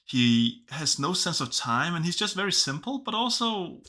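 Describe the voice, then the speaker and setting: Bright-voiced man reviewing films. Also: fairly high pitch, sing-song, normal speed. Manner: chatty, enthusiastic, with restarts. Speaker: film reviewer. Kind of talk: casual video review commentary.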